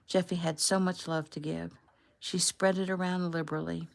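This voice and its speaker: Woman, author narrating her own book, casual audiobook, conversational, low voice, gravelly. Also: moderate pace. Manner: relaxed, conversational reading.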